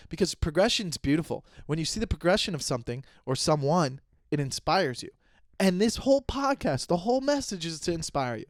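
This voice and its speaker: A man in his thirties hosts a solo comedy podcast, rambling and joking about his own slip-ups into a close microphone. His voice sits a little high for a man, very animated and fairly quick, with a dry, close sound and no echo. He keeps restarting sentences and stays self-aware throughout.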